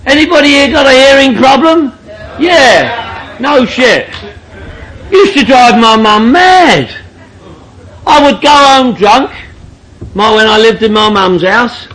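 High, bright-voiced man telling jokes. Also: lively intonation, takes it slowly, long pauses, low-quality recording. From London, England. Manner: blunt, joking, swears freely, laughs through lines. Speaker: speaker sharing at a recovery meeting. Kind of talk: comic storytelling to a group.

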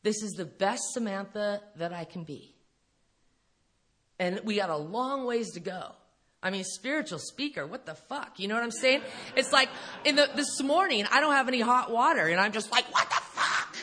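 Brief: middle-aged woman, recovery speaker at a live event, bright forceful voice, candid, swears freely. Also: medium pitch, lively intonation, moderate pace. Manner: blunt and profane, laughing often. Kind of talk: candid storytelling talk to an audience.

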